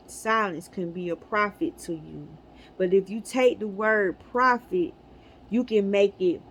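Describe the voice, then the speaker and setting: A woman's voice: medium pitch, a little slow. A woman speaks to her viewers in casual, preachy spiritual talk, stressing her points hard and breaking into laughter. Her is loose and conversational. Faint background noise sits under her voice. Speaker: spiritual video host.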